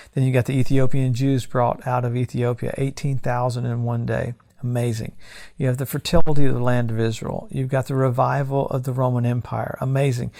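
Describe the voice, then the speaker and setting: Gravelly middle-aged man, pastor doing emphatic end-times commentary, mid-pitched. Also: a little mellow. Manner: emphatic, conversational preaching with repeated phrases.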